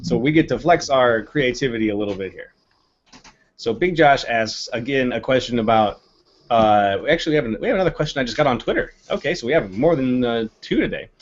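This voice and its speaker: A man's voice: medium pitch, expressive, fairly quick, highs cut off. A man hosting a casual podcast, easygoingly reading out listener questions. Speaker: podcast host.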